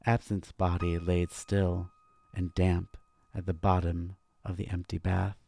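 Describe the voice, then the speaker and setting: A man narrating a dark fantasy story in a measured, deliberate scripted reading. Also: low voice, little pitch movement, gravelly, slight background noise.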